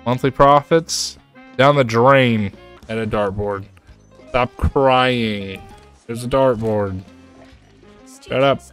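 A male streamer talks his way through a management game, muttering low one moment and yelping in a high, frustrated voice the next. His pitch sits in a middling range for a man. Faint music plays quietly under his voice. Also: smooth. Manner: exasperated, jumps to high-pitched outbursts. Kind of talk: gameplay commentary.

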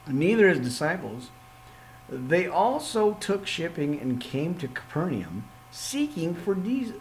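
A man leading an informal Bible study podcast, reading scripture aloud and breaking off into excitable, jokey asides. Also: a little high, a little hiss or hum, rough recording. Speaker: podcast preacher.

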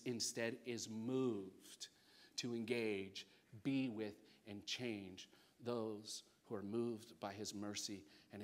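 A male pastor preaching a sermon, acting out voices in his stories, swinging between loud bursts and hushed asides, with jokey remarks. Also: fairly low pitch. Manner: animated storytelling, acts out voices, jokey asides.

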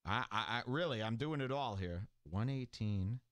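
Sarcastic man with a bright, dry voice. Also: mid-range voice, animated, normal speed, no room sound. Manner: sarcastic, with jokey exaggeration. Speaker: host. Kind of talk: mocking commentary over a clip.

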